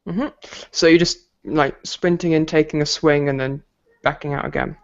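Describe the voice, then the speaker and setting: A man running a tabletop game as game master, relaxed and hesitant with many fillers. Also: a little high, normal speed. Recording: dull lo-fi home recording.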